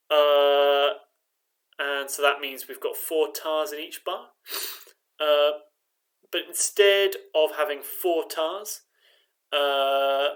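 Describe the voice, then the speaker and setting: A man leading a choir rehearsal, patiently teaching rhythm and chanting the beats for singers to repeat. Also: a little high. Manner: patient, clapping out rhythms with drawn-out syllables. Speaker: choir director.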